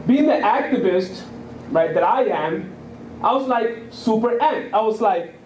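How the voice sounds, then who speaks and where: A man's voice: sits high, lively intonation, a little slow, roomy sound, far from the mic, noisy background. A man in his thirties from Puerto Rico gives a public talk, telling stories and often checking in with "right?". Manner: conversational storyteller, keeps asking "right?". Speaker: guest speaker. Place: lecture room.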